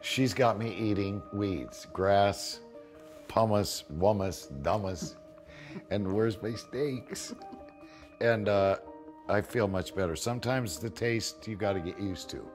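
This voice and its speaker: Folksy older man, deep voice, emotional. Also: slow, soft background music. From United States. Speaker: reality TV bounty hunter. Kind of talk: casual video diary chat.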